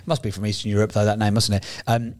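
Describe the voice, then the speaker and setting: Fast-talking sweary English man. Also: on the low side, little pitch movement, a little mellow, slight background noise. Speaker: podcast co-host. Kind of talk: casual chat.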